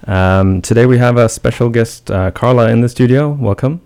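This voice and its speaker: A man's voice: mid-range voice, moderate pace, smooth, no echo. A man hosting a radio music show, chatting easily with a guest. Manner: relaxed, easygoing with fillers. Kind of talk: casual radio interview.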